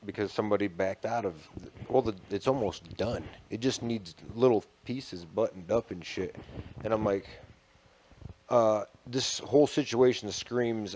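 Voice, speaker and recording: A man with a Midwestern accent, co-hosting a podcast in casual, profane chat and telling work stories. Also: on the low side. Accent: Midwestern American. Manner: profane storytelling, acts out quotes loudly. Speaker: podcast co-host.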